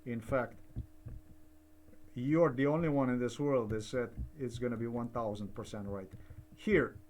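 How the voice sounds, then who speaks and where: A man's voice: mid-range voice, steady tone, a little slow, darkish tone. An older man, giving rambling personal commentary that repeats and digresses. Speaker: vlogger.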